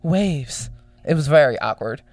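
A lively woman co-hosting a relaxed talk show, her voice swinging up and down as she tells a story. She laughs often and keeps things playful. The sound is dry and close. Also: deep voice, measured pace, no echo. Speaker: podcast co-host. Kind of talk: casual chat.

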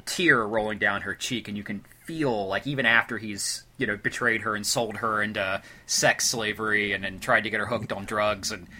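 A man with a low, bright voice talks through a film scene on a podcast. His delivery is loose and rambling, full of fillers and restarts. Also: fairly even intonation, normal speed, few pauses. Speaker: podcast co-host. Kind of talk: casual movie discussion.

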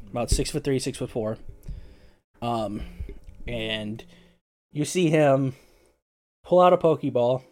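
A man narrates as the game master of a tabletop game, his voice sitting at a middle pitch. He rambles, fills gaps with ums, and corrects himself as he goes. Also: a little mellow.

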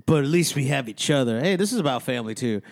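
A man joking through a movie in casual, profane chat, teasing his friend with deadpan one-liners. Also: medium pitch, quick pace, gravelly. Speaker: co-commentator.

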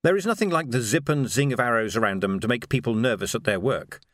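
A man narrating a novel in an expressive storytelling manner. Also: medium pitch, quick pace, no echo. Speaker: audiobook narrator. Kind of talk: scripted narration.

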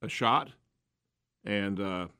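A man's voice: lowish voice, slow, sharp tone, smooth. Older man, folksy storyteller on a radio garden show. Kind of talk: radio chat.

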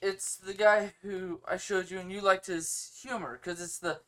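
A man's voice: sits high, steady tone, normal speed, bright, forceful tone. A man in his thirties with a stuffy nose, co-hosting a casual podcast and ranting with sarcastic, opinionated energy. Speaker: podcast co-host.

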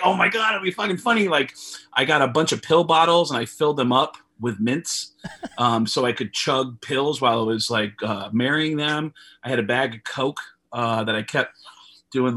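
A middle-aged comedian telling a profane, animated story as a guest over a video call, laughing often. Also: male voice, medium pitch, breathy edge. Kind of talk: casual storytelling.

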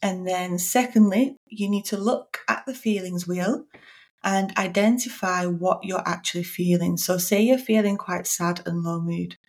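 A woman's voice: lowish voice, fairly even intonation, a little slow, darkish tone. A woman coach hosting her own podcast, talking straight to listeners in a frank, encouraging way with a dry streak of sarcasm. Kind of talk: solo podcast talk.

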